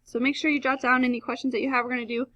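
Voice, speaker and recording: A woman's voice: sits high, level tone, rapid-fire, no room sound, highs cut off. A woman Spanish teacher talking students through a recorded grammar lesson, explaining step by step with frequent "um" fillers.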